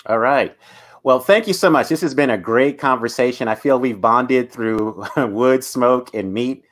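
A man's voice: medium pitch, a little slow. A man moderating a panel discussion, asking questions in a friendly, conversational way.

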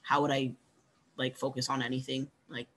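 A man giving a conversational workshop talk on pitching, coaching and encouraging, often ending points with "right?". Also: little pitch movement, moderate pace, sharp tone. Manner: conversational, frequent "right?" tag questions. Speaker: workshop presenter.

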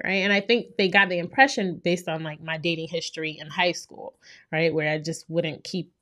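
Animated young woman podcast host. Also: deep voice, normal speed. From New York. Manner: animated storyteller, frequent "like" and "right?". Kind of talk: casual chat.

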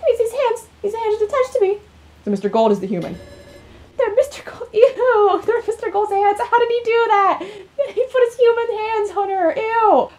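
A woman giving let's-play reaction commentary on a game. She reacts dramatically and laughs often, with a high voice that swings widely in pitch. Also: expressive, moderate pace, darkish tone. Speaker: gaming video host.

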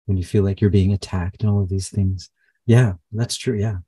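A man channeler in a live session, speaking haltingly with many fillers and restarts. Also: sits low, steady tone, mellow, slightly rough, no room sound.

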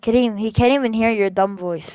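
A man's voice: sits high, brisk, clear, resonant tone, no echo, muffled recording. Trash-talking young gamer guy. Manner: trash-talking, teasing, excitable outbursts. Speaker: gamer streaming a football match. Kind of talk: casual gaming commentary.

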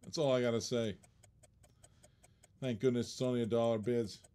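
A man's voice: mid-range voice, steady tone, moderate pace, mellow, clean tone. A man hosting a live-stream auction in casual chat, laughing often and teasing the bidders.

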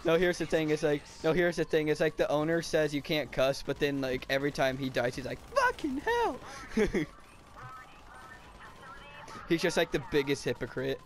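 A man's voice: fairly high pitch, flat delivery, fast talker, few pauses, a little hiss or hum. A young man chatting and joking while playing a co-op game with friends, often laughing and teasing. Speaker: gamer. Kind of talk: casual gaming chat.

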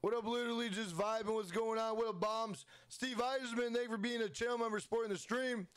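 A man's voice: very high-pitched, fairly even intonation, smooth. Hyped male gaming streamer. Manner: hyped, rapid shout-outs to chat. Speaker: gaming livestream host. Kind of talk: casual livestream chat.

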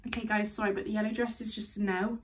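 A woman's voice: mid-range voice, level tone, fast. Young woman, casual haul chatter, bubbly, slightly distant mic. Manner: chatty, bubbly, laughs often. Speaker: fashion vlogger. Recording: distant mic, faint room noise.

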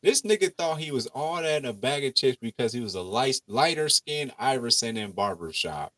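A man hosting a casual TV review chat, animated, profane and mocking as he riffs on the episode. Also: medium pitch, normal speed. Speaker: TV show review podcast host.

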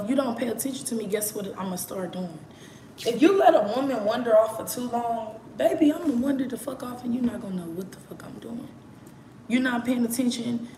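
A woman's voice: mid-range voice, darkish tone. Casual streamer, woman, East Texas drawl, blunt and profane, in an echoey room with some noise. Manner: candid, profane, rambling. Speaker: livestreamer. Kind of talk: casual livestream chat.

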